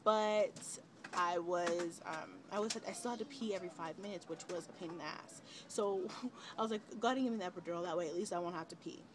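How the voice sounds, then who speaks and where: A young woman casually recounting a personal story on a home video, chatty and relaxed, with many fillers and quoted lines. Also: lowish voice, fast talker, background noise. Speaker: vlogger, mother of twins.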